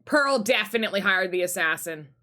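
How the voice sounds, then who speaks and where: A woman streamer giving casual, sarcastic commentary while playing a game, blunt and quick to swear. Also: mid-range voice, animated, noisy background. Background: game music.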